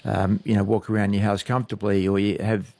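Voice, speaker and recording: Flat gravelly male expert. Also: lowish voice, no echo. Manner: measured, explanatory, repeats words. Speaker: medical expert guest. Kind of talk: radio expert advice.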